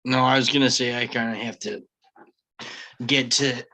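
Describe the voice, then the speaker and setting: A man's voice: mid-range voice, fairly even intonation, normal speed, pushed and bright, no echo. A man joking in an easygoing way while he chats with a group on a video call. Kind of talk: casual group chat.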